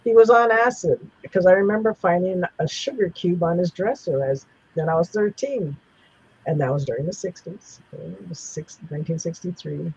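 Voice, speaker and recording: A man in his seventies with a very husky, breathy voice that sits a bit high, talking as an interview guest. He rambles through personal stories, often restarting his sentences and filling gaps with fillers. The recording sounds dull and lo-fi. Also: moderate pace. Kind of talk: personal storytelling in a casual interview.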